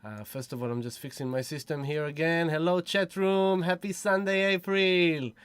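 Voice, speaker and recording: A man's voice: fairly high pitch, steady tone, normal speed, fairly bright tone, clean tone, no echo. A man hosting a casual livestream, effusive and whooping as he greets viewers one by one. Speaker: livestream host.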